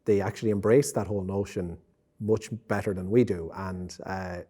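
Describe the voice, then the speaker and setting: An Irish man hosting an interview, speaking hesitantly with many pauses and fillers. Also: deep voice, fairly even intonation, dark tone. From Ireland. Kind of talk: conversational interview.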